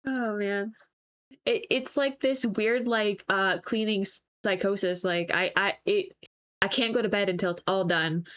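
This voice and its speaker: A woman streamer talks loosely to her chat from a home setup. She rambles, fills her sentences with "like", and keeps dissolving into giggles. Her voice sits at an ordinary middle pitch and is picked up by a desk mic. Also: fairly even intonation, measured pace, fairly bright tone. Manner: rambling and giggly, with many "like" fillers. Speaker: livestreamer painting on stream. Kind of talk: casual chat with viewers.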